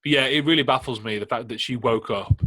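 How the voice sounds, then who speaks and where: A man's voice: mid-range voice, fast talker, sharp tone. A British man co-hosting a podcast, chatting in an easygoing, conversational way. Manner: easygoing, conversational, reads out news stories. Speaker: podcast co-host. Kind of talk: casual chat.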